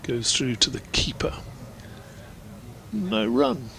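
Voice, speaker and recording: A man's voice: on the high side, big pitch swings, slow pace, gravelly, sharp tone. A man giving live ball-by-ball cricket commentary in a chatty, rambling way, drifting into anecdotes between deliveries.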